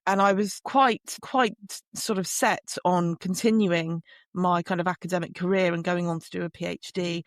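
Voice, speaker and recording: A woman's voice: fairly low pitch, dry recording, studio quality. A middle-aged woman from the UK, a forensic linguist and podcast guest, chatting and telling her story with frequent laughs and restarts. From United Kingdom.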